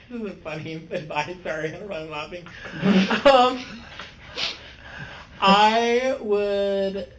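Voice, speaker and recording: A man's voice: high-pitched, fairly even intonation, slow pace, long pauses, a bit bright, a little hiss or hum, poor audio. A young man co-hosting a podcast, reflective and hesitant, often searching for his words. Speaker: podcast co-host. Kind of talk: casual podcast chat.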